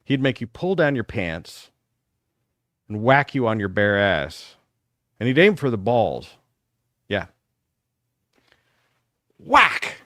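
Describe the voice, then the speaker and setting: A man's voice: lowish voice, a little slow, pauses often, dry recording, studio quality. A man in his fifties from Texas, hosting a live talk show and animatedly telling school stories to a caller. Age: 50s. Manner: animated, reminiscing storyteller.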